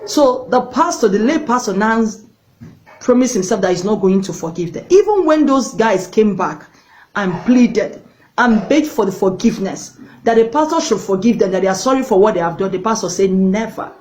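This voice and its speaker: A woman's voice: medium pitch, expressive, moderate pace, darkish tone, slight background noise, rough recording. Earnest woman evangelist preaching. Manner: earnest, directly addresses viewers; storytelling, repeats for emphasis. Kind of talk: sermon.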